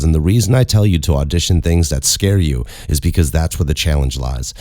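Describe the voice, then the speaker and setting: A man with a Chicago accent and a strikingly deep, low voice hosts a podcast. He talks candidly and casually and stumbles over restarts as he thinks aloud. The sound is dry and close-miked, with no room echo. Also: a little mellow. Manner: candid, conversational, with frequent restarts. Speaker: podcast host and voice actor. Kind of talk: casual advice talk.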